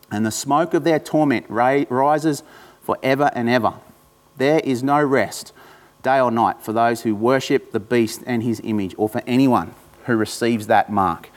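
A pastor preaching, reading scripture slowly and deliberately, then breaking into informal asides to the congregation. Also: male voice, mid-range voice.

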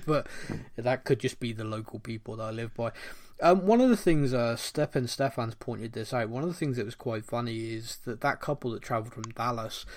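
A man's voice: medium pitch, moderate pace. Laughing Bristolian man hosting a chat. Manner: reads listener questions aloud, laughs often, self-deprecating. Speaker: podcast host. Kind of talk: casual podcast chat.

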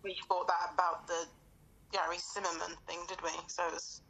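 A woman co-hosting a podcast, chiming in with quick, blunt remarks in casual chat. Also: on the low side, level tone, pushed and bright, slight background noise, rough recording. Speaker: podcast co-host.

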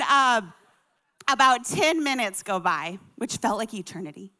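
Bright, high-voiced woman storyteller. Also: normal speed. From Colorado, USA. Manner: animated, chatty, full of acted-out quotes. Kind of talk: comic personal storytelling.

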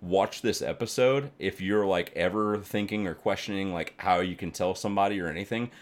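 Male podcast co-host, low voice, loose, excitable and profane, talks in long run-on stretches. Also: fairly quick. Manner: rambling, animated, swears often, many fillers. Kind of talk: casual chat.

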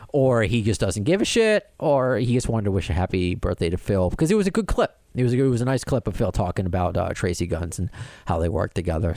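A middle-aged podcast host tells a long story in a loose, chatty way, stumbling over his words and acting out what people said. His pitch swings widely and stays lively. The sound is dry and close, with no room echo. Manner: animated, rambling with many restarts and quoted dialogue. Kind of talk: casual storytelling chat.

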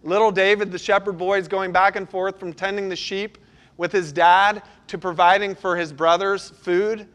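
A middle-aged man, a pastor, preaching a sermon and telling stories, sometimes breaking into loud bursts. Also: sits high, normal speed. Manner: storytelling, animated with sudden loud bursts.

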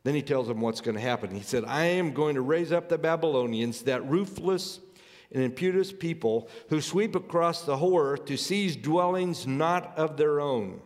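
A man preaching with earnest force, his slightly high voice climbing as he reads scripture and presses his point. A long reverb trails each phrase, as in a big sanctuary. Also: moderate pace. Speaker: pastor. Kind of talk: sermon.

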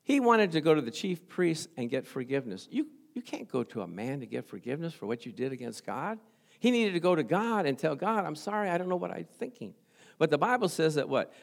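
A middle-aged man preaching in an easy, conversational way, often breaking into chuckles and affirmations. His voice sits a little higher than most men's. He sounds like a pastor talking directly to his congregation. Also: vocal fry. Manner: conversational preaching with frequent laughs and "praise the Lord". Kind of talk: sermon.

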